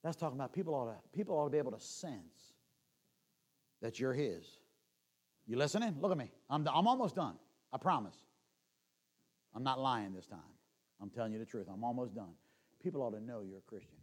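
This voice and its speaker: A man preaching a sermon, swinging from loud calls to hushed near-whispers and repeating phrases as he builds. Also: mid-range voice, expressive, brisk, pauses often. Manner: repeats and restarts phrases, folksy asides.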